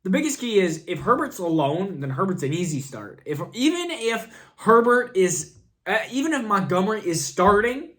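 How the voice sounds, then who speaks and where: A man with a fairly high voice gives casual fantasy football picks while sick with a cough. He rambles, restarts his sentences and jokes at his own expense. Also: big pitch swings, normal speed, fairly bright tone. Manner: rambling and self-deprecating, with frequent restarts. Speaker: fantasy football channel host. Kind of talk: casual advice vlog.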